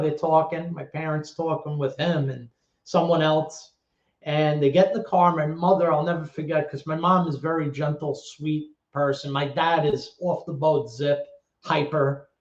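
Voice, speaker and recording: A man in his thirties tells a story as an interview guest, in a slightly high voice. He is animated and swears freely, and he slips into other people's voices as he goes. The sound is roomy and echoey, with a dull, lo-fi quality. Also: normal speed.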